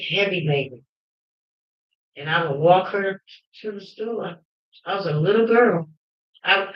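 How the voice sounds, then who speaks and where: A woman hosting a livestream, telling personal stories with emphatic fervor that at times rises to shouting. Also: lowish voice. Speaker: livestream host. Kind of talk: fervent personal storytelling. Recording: roomy, dull lo-fi livestream audio.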